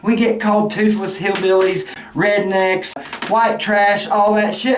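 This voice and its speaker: A man's voice: sits high, level tone, unhurried. A middle-aged man, an angry sports fan venting in a profane rant. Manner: angry, cussing, loud outbursts. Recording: roomy echo, faint noise.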